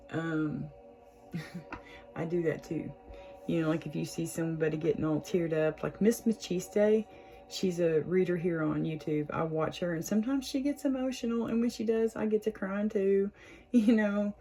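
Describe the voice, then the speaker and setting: A woman's voice: fairly low pitch, moderate pace, soft background music, poor audio. A young woman, chatting casually to her viewers as she reads tarot, laughing often. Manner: chatty, warm, lots of "y'all" and laughs. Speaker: tarot reader, channel host. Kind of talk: casual tarot reading to camera.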